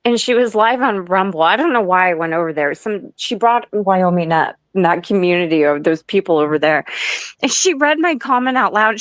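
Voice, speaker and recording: A woman's voice: mid-range voice, animated, brisk, dry recording. Rambling, giggly woman gossiping. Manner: rambling storyteller, laughs often. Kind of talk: casual gossip chat.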